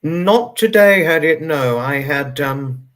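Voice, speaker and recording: A man's voice: a little high, lively intonation, takes it slowly, a bit bright. A man hosting a livestream, answering viewer comments in a casual, rambling way. He sounds tired and talks earnestly, with many fillers, as he reassures his viewers. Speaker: livestream host.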